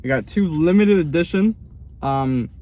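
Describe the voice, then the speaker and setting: A man's voice: fairly high pitch, lively intonation, measured pace, mellow. A man hosting a casual food review, upbeat and loosely rambling with fillers, recorded at a convenience store.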